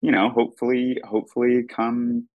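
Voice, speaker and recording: A man's voice: mid-range voice, little pitch movement, normal speed, no echo, phone-quality sound. A man, an actor and producer, chatting animatedly as a guest, with lots of restarts. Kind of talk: casual interview chat.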